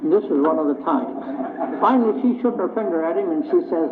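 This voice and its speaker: A man's voice: on the high side, animated, brisk, crowd noise. An older man giving a plainspoken public speech to a club, telling stories and acting out both sides of conversations. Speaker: speaker addressing a club luncheon. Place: meeting hall. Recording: echoey, tinny old vinyl recording with faint hiss.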